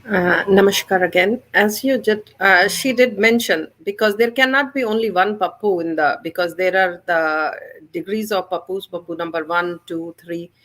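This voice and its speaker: A woman's voice: medium pitch, moderate pace, a bit bright. A woman speaking emphatically as a panelist in a political debate, using "you know" fillers and slipping into Hindi.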